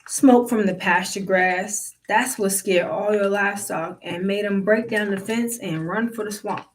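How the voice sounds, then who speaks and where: A narrator voicing a sly, calm old male farmhand who delivers bad news in a drawling, sheepish way, speaking slowly. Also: medium pitch, recorded from a distance, a little hiss or hum, natural voice. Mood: deadpan.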